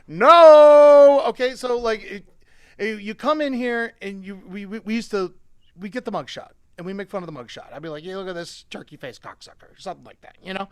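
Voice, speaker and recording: A man hosting a live-streamed comedy show, swearing freely and swinging between quiet asides and excited shouting. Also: very high-pitched, smooth, dry recording, studio quality. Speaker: show host.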